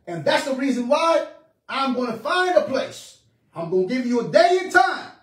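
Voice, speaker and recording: A man preaching a charismatic sermon with fervor, moving from shouts to hushed prayer. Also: very high voice, sing-song, moderate pace. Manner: fervent, swings between shouting and hushed prayer. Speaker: pastor. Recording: echoey room, mic at a distance.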